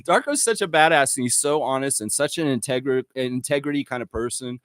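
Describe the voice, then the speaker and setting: A man's voice: medium pitch, fairly quick, no room sound, clean studio sound. A man hosting a live stream, ranting with lots of swearing and reading viewer comments aloud. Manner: profane, excitable, reads chat aloud. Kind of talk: casual live-stream rant.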